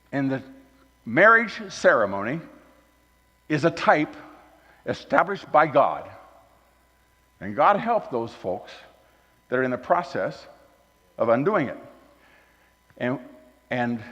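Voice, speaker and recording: A man preaching a folksy sermon at a church, moving between loud emphasis and quiet asides. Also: mid-range voice. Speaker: guest speaker at a church. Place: church hall. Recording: dull recording with long hall reverb.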